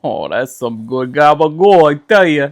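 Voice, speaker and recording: A man's voice: a little high, lively intonation, normal speed, pitched above the performer's own voice. A man voicing a swaggering, macho Italian deli stocker from New Jersey, full of boastful bluster. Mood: macho boasting.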